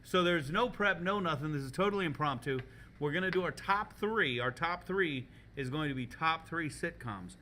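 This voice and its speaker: Bright-voiced, profane storytelling podcast host. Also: male voice, on the high side, moderate pace, a little hiss or hum. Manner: animated, profane storytelling, laughing often. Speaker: podcast host and culinary teacher. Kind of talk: casual podcast chat.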